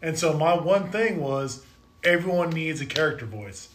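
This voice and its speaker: A man chatting casually on a podcast in a relaxed way, filling his sentences with 'like' and 'uh'. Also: on the high side, normal speed. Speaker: dungeon master. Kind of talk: casual chat.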